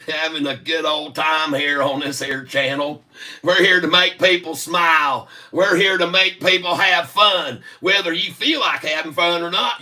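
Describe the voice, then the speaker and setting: A man's voice: fairly high pitch, sharp tone. Boisterous Southern man in his 60s. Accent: Southern American. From Southern United States. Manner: boisterous, rhyming, laughing often. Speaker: livestream host. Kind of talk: rambling livestream banter. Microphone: webcam mic.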